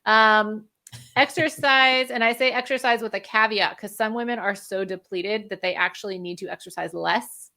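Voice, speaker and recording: Bright-voiced energetic woman guest. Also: medium pitch, normal speed. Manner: energetic, explanatory, laughs often. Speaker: functional medicine practitioner, guest. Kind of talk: interview conversation.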